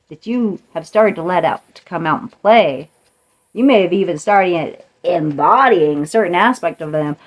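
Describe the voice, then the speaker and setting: Brief: middle-aged woman host, low-pitched, playful pep talk with frequent laughs. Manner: playful, laughs often, slips into voices. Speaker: podcast host. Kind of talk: motivational monologue.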